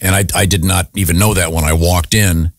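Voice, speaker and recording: A man's voice: low voice, fairly even intonation, brisk, dry recording, studio quality. A male radio host in casual on-air banter, telling a story with many restarts and fillers.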